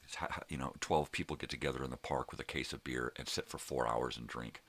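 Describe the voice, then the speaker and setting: A man's voice: very deep voice, fairly even intonation, quick pace, a bit bright, breathy edge. A middle-aged man hosting his own morning vlog, ranting and rambling casually with plenty of swearing. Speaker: vlogger host.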